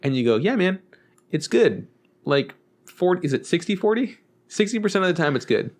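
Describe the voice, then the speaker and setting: A man co-hosting a podcast, talking quickly in loose, casual chat. He swears freely and mimics other people's lines in a jokey, raised voice when telling a story. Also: on the high side, very animated. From Mexican heritage. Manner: profane, acts out quoted lines with a jokey raised voice. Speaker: podcast co-host.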